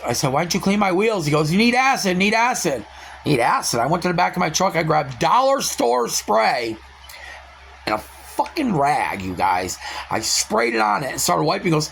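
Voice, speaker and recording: A man venting in a casual vlog, telling stories with loud quoted outbursts and swearing. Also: fairly high pitch, creaky, slight background noise. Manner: animated storytelling with loud quoted outbursts and profanity. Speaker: car reseller vlogger.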